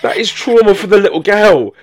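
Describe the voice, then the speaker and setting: A man's voice: high voice, expressive, brisk, slight background noise. A man co-hosting a podcast in casual chat, who chats freely and laughs easily. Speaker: podcast co-host.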